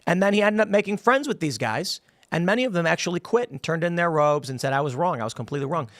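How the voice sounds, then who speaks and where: A man's voice: fairly high pitch, animated, fast talker, dry recording, studio quality. A man hosting a political talk show, ranting with heated indignation. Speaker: podcast host.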